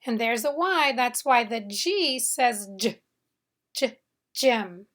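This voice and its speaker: A woman with a high, bright voice gives a phonics lesson at a very slow pace. She draws out each sound and repeats example words so learners can echo them. Her delivery is careful and deliberate. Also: expressive. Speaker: English phonics teacher.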